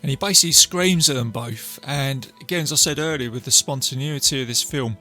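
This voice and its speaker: A man's voice: mid-range voice, fairly quick, sharp tone, soft background music. A man hosting a podcast, casually retelling a film plot in a rambling way with fillers and restarts. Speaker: podcast host.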